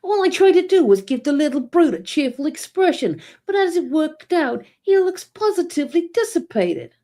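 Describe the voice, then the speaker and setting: A woman's voice: high-pitched, big pitch swings, moderate pace, mellow, pitched above the performer's own voice. A woman voicing a worried young male painter in a comic novel read aloud, pleading and fretful. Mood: anxious.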